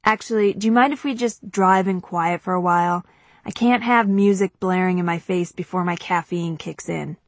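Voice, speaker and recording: A woman's voice: lowish voice, moderate pace, no room sound. A woman doing an easygoing teenage boy. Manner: easygoing, teasing. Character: laid-back joking teenage boy.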